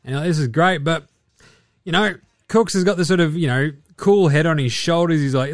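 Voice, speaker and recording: A man's voice: a little high, moderate pace, no echo, studio quality. An Australian man in his thirties hosting a casual sports podcast, chatty and swearing a lot as he acts out quotes. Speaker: podcast host.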